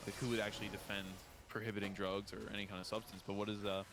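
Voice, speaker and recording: Male stream host, quick and rambling, lower register, background noise on the line. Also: little pitch movement. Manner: rambling, many fillers. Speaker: livestream host. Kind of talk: casual stream chat.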